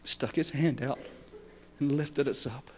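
A man preaching a sermon, swinging between shouted passages and hushed, quiet ones. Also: mid-range voice, measured pace. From Texas.

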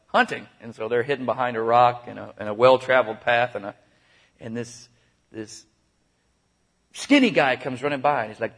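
A man telling comic family stories to a church crowd, in a forceful voice with a husky edge. He rambles from joke to joke with quick asides and chuckles at his own punchlines. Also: medium pitch. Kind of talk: comic storytelling.

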